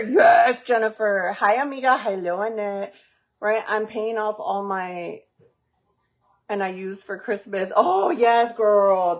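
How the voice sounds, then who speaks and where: A woman with a mid-range voice hosts a casual live cooking stream from her home kitchen, chatting with viewers and sprinkling in Spanish words. The audio quality is poor.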